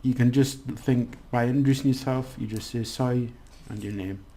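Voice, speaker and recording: A man's voice: medium pitch, fairly even intonation, normal speed, warm tone. A man giving a casual language lesson, chatty and rambling with many restarts. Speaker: language teacher.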